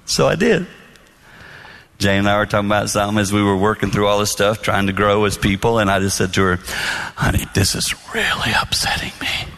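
A man giving a marriage talk to an audience, telling stories and acting out dialogue in soft voices. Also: on the low side, fast talker, creaky. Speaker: marriage speaker.

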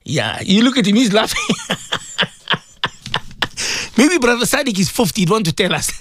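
A man's voice: high voice, sing-song, fast talker, a bit bright, slight background noise. A middle-aged man, hosting a call-in radio show in casual, rambling chat and greeting listeners by name.

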